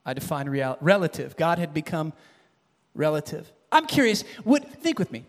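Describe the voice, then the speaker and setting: High-voiced preacher in a reverberant hall. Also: male voice, moderate pace. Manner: animated, rises to shouted emphasis and drops low. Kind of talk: sermon.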